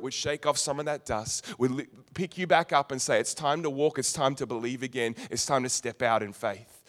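A young man preaching a sermon, telling stories with humorous asides. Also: on the high side. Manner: storytelling, animated, with humorous asides.

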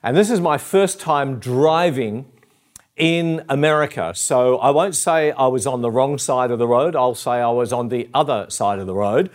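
A middle-aged Australian man giving a sermon in an earnest, conversational way. He stops for fillers and restates his key lines. His pitch sits at an ordinary male middle. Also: moderate pace. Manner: earnest and warm, with fillers and repeated phrases. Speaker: pastor.

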